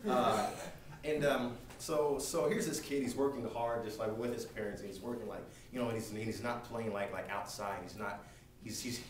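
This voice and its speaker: A young man preaching a class sermon and telling a story, often halting and restarting his words. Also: medium pitch. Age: young adult. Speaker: student preacher. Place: lecture room. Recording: echoey room, distant mic, faint noise.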